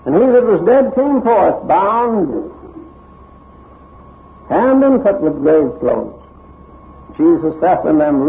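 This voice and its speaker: A male preacher delivers a sermon at a slow, deliberate pace, reading scripture with dramatic emphasis. His fairly high voice rises and falls widely. The recording is thin and tinny, like a phone line. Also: expressive, vocal fry, a little hiss or hum. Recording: tinny narrow-band recording.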